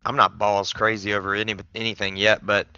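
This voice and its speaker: A man's voice: lowish voice, flat delivery, fairly quick, bright, forceful tone, smooth, dry recording, highs cut off. A man co-hosting a casual beer-tasting podcast, joking and laughing easily. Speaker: podcast co-host.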